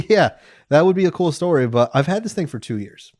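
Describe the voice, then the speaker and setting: A man's voice: fairly high pitch, expressive, brisk, darkish tone. A young man co-hosting a podcast, chatting casually, laughing often and joking crudely. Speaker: podcast co-host. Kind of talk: casual chat.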